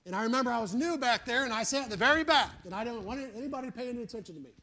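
High-voiced, forceful male preacher. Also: racing. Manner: fervent, emphatic preaching with calls for "Amen"; folksy, plain-spoken storytelling. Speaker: pastor. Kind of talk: sermon.

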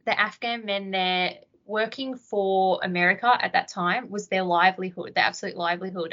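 Woman, podcast guest, bright voice, reflective storytelling, dull lo-fi sound. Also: fairly low pitch. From Australia. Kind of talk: podcast interview.

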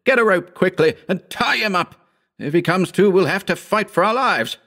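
Man voicing a frantic bitten man, shrill and strained. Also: lively intonation, moderate pace, pushed and bright, exaggerated voice. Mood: shaken, urgent. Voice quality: strained high pitch. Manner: gasping, urgent pleading. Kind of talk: audiobook character voice.

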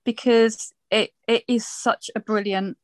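A woman's voice: on the high side, fairly even intonation, measured pace, dry recording. A woman co-hosting a podcast, chatting casually and often restarting her sentences. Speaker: podcast co-host.

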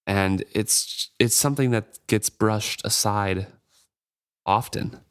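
This is a man with a lowish voice co-hosting a book discussion. He muses and thinks aloud in casual talk, often hedging as he goes. The sound is close and dry. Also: slow pace, fairly bright tone, smooth, dry recording. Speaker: book podcast co-host. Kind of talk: casual chat.

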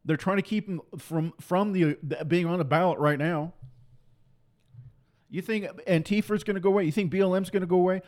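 A man preaching a fiery political sermon to pastors, forceful and repetitive, full of mocking rhetorical questions. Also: high voice, fairly even intonation, brisk.

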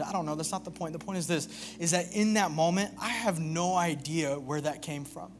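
A man's voice: on the high side, a little hiss or hum. Earnest young male preacher. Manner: earnest, confessional, halting with restarts. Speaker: worship pastor. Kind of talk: sermon with personal story.

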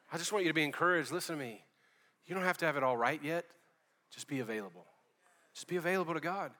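A man's voice: a little high, fast talker, pauses often, pushed and bright, in a large hall. A man preaching a sermon as pastor, fervent and conversational, dropping casual slang as he talks.

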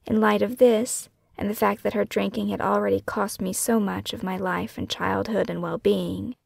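A woman author reading her own memoir as scripted first-person narration, hushed and often falling into a breathy whisper. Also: mid-range voice, dry recording, clean studio sound. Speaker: author and podcast host.

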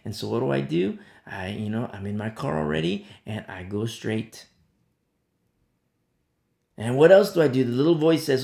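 Gravelly-voiced male preacher, echoey room. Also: mid-range voice, animated, moderate pace, dark tone. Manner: conversational storytelling with frequent "you know". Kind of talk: sermon.

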